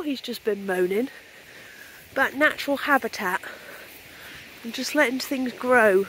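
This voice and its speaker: A woman's voice: mid-range voice, measured pace, a bit bright, a little hiss or hum. A woman chatting casually to camera in a vlog, self-deprecating and talkative. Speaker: vlogger. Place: outdoors and at home.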